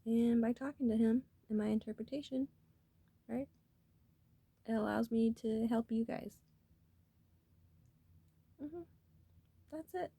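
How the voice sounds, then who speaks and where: A woman's voice: fairly high pitch, takes it slowly, vocal fry, long pauses, dark tone, breathy edge, no room sound. A woman talking casually to her viewers in a rambling, earnest way, cursing freely as she shares spiritual thoughts. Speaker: vlogger.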